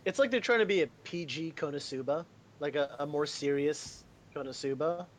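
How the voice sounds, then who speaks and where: A man with a high voice chats loosely on an anime podcast. He swears freely and tells stories in an animated way. A faint rumble sits under his voice. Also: normal speed. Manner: profane, animated storytelling with laughs. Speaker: podcast co-host. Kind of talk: casual anime podcast chat.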